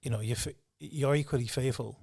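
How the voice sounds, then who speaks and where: A man's voice: medium pitch, fairly quick, vocal fry, darkish tone, slightly rough. A man hosting a podcast, chatting casually and bluntly, swearing freely and stressing his points. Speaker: podcast host. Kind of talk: casual conversation.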